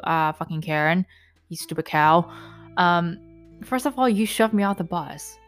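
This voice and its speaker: A woman's voice: fairly low pitch, unhurried, faint music behind. A young woman telling an angry story about an incident, casual and profane, with many fillers. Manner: indignant, profane, lots of fillers. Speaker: vlogger recounting an incident.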